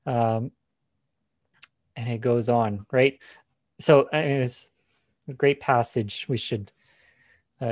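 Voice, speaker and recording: A man's voice: medium pitch, a little mellow, no room sound. Man teaching scripture, dry close sound. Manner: explanatory, frequent fillers and restarts. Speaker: Bible teacher.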